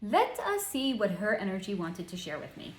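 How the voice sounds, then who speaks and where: Snarky, animated woman psychic host. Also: medium pitch, moderate pace. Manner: snarky, profane, sarcastic. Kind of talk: casual psychic reading monologue. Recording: roomy echo.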